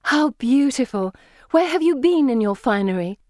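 A woman's voice: sits high, expressive, normal speed, darkish tone, dry recording, clean studio sound, pitched above the performer's own voice. A woman reading an audiobook and voicing an effusive, wistful teenage girl in a breathless, lifted voice. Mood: gushing. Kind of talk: audiobook character voice.

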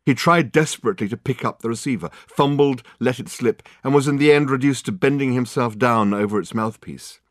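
A man narrating a novel in a measured, expressive storytelling voice. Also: medium pitch, dry recording, studio quality. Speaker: audiobook narrator. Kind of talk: scripted narration.

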